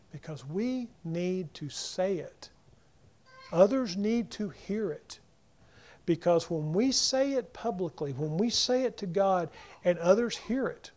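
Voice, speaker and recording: The high-voiced preacher acts out scripture characters in rapid voices. Throughout his sermon he alternates loud emphasis with near-whispers.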